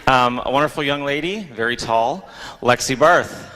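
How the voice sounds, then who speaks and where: A man's voice: medium pitch, normal speed, sharp tone. A man, a theater director, giving a casual award speech, joking and hesitant with many ums, recorded in a school auditorium. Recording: long reverb of a large hall.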